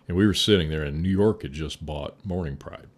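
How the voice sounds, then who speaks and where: Very deep-voiced middle-aged man telling stories. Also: a little fast. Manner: animated anecdotal storyteller, gets loud in punchlines. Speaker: fire service veteran guest. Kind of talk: casual storytelling chat.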